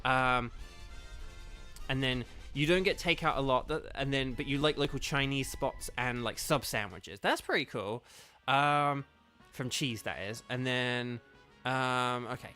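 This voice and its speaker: A man's voice: medium pitch, unhurried, pushed and bright, soft background music. A man streaming a game, chatting casually with viewers in a rambling, thinking-aloud way. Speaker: streamer and voice actor. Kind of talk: casual live-stream chat while gaming.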